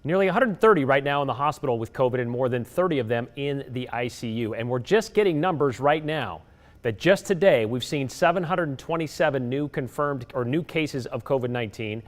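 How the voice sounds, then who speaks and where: A man working as a TV news reporter, presenting figures and asking interview questions in a measured, clear delivery. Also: mid-range voice, expressive.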